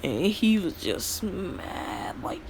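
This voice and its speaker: A woman's voice: lowish voice, very animated, drawn-out words, noisy background. Rambling young woman telling a story. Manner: rambling, filler-heavy, laughs at own jokes. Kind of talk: casual fan-story retelling.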